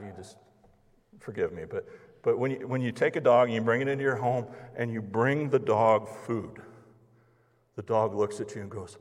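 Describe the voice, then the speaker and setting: A man preaching a sermon as pastor, earnest, moving between hushed asides and emphatic declarations. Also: mid-range voice. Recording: long hall reverb.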